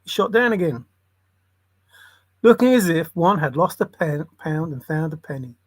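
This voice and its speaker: A man's voice: a little high, animated, normal speed, dry recording. A man hosting a livestream, muttering loose word associations and breaking into bits of song. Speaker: livestream host.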